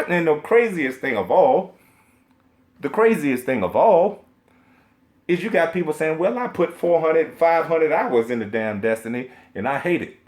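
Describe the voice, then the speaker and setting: A young man ranting on a live stream about video games, profane and emphatic, repeating himself and laughing between points. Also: on the high side. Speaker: gaming streamer.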